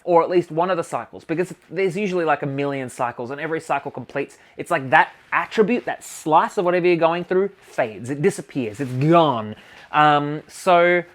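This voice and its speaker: A man with a fairly high voice talks straight to camera about healing and growth. He is animated and emphatic, with loose, swearing-laced phrasing, and his delivery keeps pushing up in energy. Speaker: healing coach and channel host. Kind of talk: casual self-help monologue to camera.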